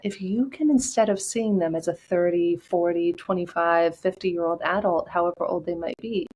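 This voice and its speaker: Upbeat animated woman guest. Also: fairly low pitch, moderate pace, breathy edge, rough recording. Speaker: podcast guest, coach. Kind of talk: casual interview talk.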